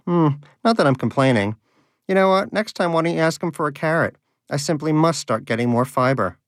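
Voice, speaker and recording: A man voicing a smug, greedy pet hamster who mocks in a theatrical, raised pitch. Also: animated, measured pace, dry recording, clean studio sound, natural voice. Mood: sarcastic.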